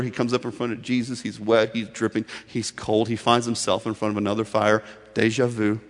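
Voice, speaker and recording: A male pastor preaching a sermon in a storytelling way, swinging from loud emphasis to soft, intimate delivery. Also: medium pitch, big-room sound.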